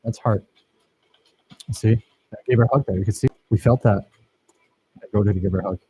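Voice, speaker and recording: Man, filmmaking teacher, casual workshop talk, dark mellow tone, somewhat low pitch. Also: a little fast, slight background noise, low-quality recording. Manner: enthusiastic, rambling, praises students.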